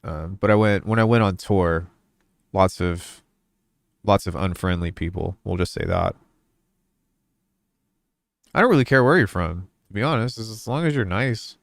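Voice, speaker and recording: Young male streamer, slightly low voice, dry close sound, relaxed rambling chat. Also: normal speed, creaky, pauses often, no echo. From New Jersey. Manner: laid-back, rambling, swears offhandedly. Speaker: music producer streaming. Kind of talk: casual livestream chat.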